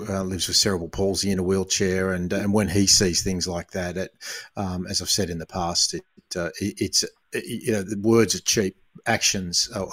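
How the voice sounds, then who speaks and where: Deep-voiced Australian podcast host. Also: male voice, no room sound. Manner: relaxed, says "mate" often. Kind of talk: casual chat.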